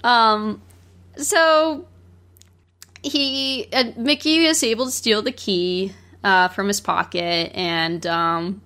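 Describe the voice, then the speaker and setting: A woman's voice: mid-range voice, takes it slowly, sharp tone. A woman casually co-hosting a podcast, animatedly retelling a cartoon plot and laughing easily. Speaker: podcast co-host. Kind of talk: casual film discussion.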